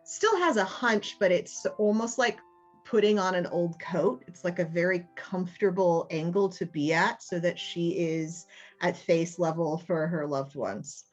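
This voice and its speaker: A woman playing in a tabletop game stream, describing her character in a gentle, doting way. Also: fairly low pitch, unhurried, lo-fi sound, soft background music. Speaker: player. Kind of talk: casual tabletop play.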